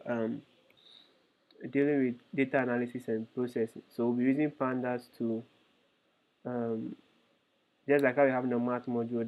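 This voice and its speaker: Man teaching over tinny call audio. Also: mid-range voice. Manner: hesitant, many fillers and restarts, explaining step by step. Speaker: instructor. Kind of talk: live coding lesson.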